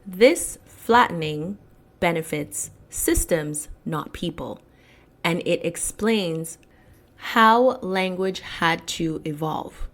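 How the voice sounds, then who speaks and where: A woman hosting a solo podcast, speaking in an emphatic commentary style and slowing down to stress key words. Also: on the low side, animated, a bit bright. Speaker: podcast host.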